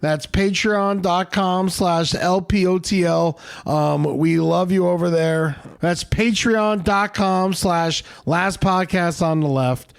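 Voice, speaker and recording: A podcast host wraps up the show with loose, joking plugs, often losing his train of thought. His voice sits high with a gravelly fry, and soft music plays underneath. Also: slow pace, hardly any pauses, no room sound. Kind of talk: casual show outro and tour plug.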